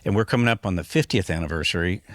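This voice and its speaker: A man's voice: low voice, rapid-fire, no room sound, clean studio sound. A man talking as a podcast guest in casual conversation, rambling with many fillers and restarts.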